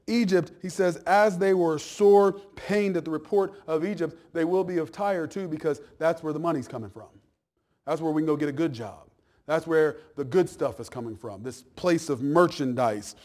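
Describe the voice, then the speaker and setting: A male pastor preaching in a casual, joking way, his fairly high voice jumping up for emphasis and dropping low and soft for asides. He slips into little acted-out voices as he goes. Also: moderate pace. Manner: swings from loud emphasis to low, quiet asides. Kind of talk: sermon.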